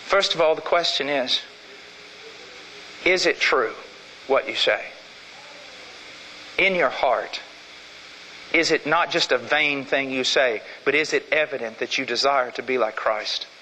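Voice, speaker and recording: A man's voice: mid-range voice, a little slow, long pauses, bright, forceful tone, a little hiss or hum. A man preaching an emphatic sermon with much repetition. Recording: long hall reverb.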